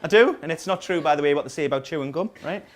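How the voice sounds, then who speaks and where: A man's voice: a little high, animated, very fast, heavy background noise. A man in his thirties with a Geordie accent, doing a rambling, self-mocking stand-up set in a small coffee house. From North East England. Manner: rambling self-mocking storytelling with dry asides. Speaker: stand-up comedian. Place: small coffee house venue with a live audience.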